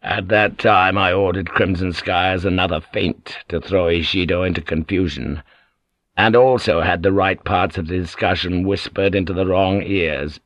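A man voicing an aging warlord in an audiobook, measured, authoritative and sly. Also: sits low, fairly even intonation, fairly bright tone, no room sound, dull audio. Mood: scheming. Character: aging male warlord, cunning and commanding. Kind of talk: audiobook character voice.

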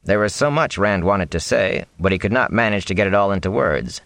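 A man narrating a fantasy novel aloud in an expressive storytelling reading. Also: lowish voice, fairly quick, dry recording. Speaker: audiobook narrator. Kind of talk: scripted narration.

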